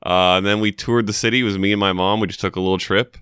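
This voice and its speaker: Bright, smooth-voiced man chatting casually. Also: lowish voice, fairly even intonation, quick pace, dry recording, studio quality. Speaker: podcast co-host. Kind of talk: casual sports chat.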